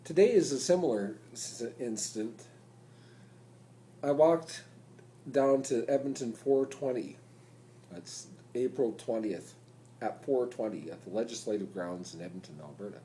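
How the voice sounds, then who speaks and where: A man, telling a rambling story to a phone camera in a casual, drawn-out way. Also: mid-range voice. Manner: rambling, slow, drawn-out delivery; loud and excited when reenacting chants. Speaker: vlogger.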